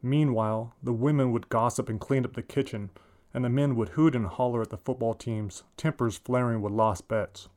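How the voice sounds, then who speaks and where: Author in his forties, reads his own story plainly, mid-pitched. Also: fairly even intonation, normal speed, darkish tone. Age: 40s. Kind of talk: story reading.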